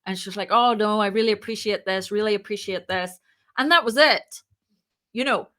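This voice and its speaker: A woman, a startup founder, telling her story as a podcast guest, lively and acting out the voices in her anecdotes. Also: medium pitch, a little fast. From moved to Ireland. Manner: lively, acts out quoted dialogue. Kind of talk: casual interview storytelling.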